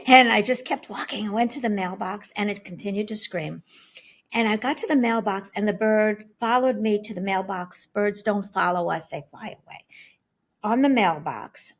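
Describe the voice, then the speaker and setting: A woman guest speaker telling personal stories on an online panel, animated, acting out voices as she goes. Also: mid-range voice. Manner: animated storyteller, acts out voices. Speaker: guest speaker on spirit signs. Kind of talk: storytelling in a panel talk. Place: online summit panel, video call.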